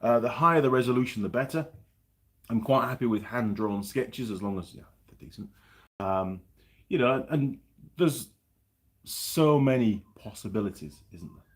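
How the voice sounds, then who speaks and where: A man's voice: medium pitch, lively intonation, moderate pace. A man hosting a casual livestream, rambling as he reads out viewer comments and tells a story. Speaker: livestream host. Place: New Zealand.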